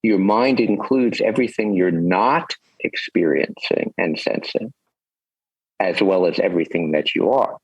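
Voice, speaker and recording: An older man voicing a patient, wise male spiritual teacher who questions his disciple calmly and gently. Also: low-pitched, measured pace, husky, no echo, dull audio, full character voice. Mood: explaining.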